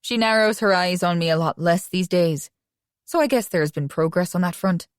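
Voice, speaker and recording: A woman reading a romance audiobook in first person with an even, conversational delivery. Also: lowish voice, normal speed, dry recording, clean studio sound. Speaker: audiobook narrator.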